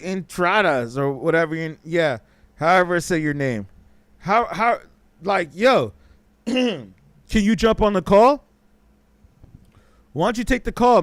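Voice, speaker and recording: Male stream host, higher-pitched and smooth, with a dry close sound. He is slangy and jokey, repeats himself and breaks into sudden animated bursts. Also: no room sound. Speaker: talk show host reading live chat. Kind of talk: casual live-stream chat.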